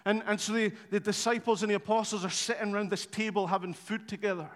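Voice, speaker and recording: Male preacher, bright high voice, chatty storytelling sermon, long reverb of a church hall. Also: fast. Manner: animated, conversational storytelling with humour.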